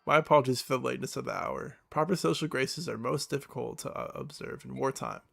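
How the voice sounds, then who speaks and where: A man's voice: medium pitch, quick pace, creaky, a bit bright. A man reading the lines of a flowery, long-winded male noble advisor from a video game. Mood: pompous.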